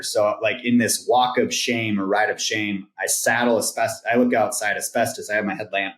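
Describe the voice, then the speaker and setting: A man's voice: fairly low pitch, fairly even intonation, normal speed, fairly bright tone. A man, a podcast guest, telling a personal story in a laid-back way, often tagging on "like" and "right?". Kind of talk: casual storytelling. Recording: roomy echo.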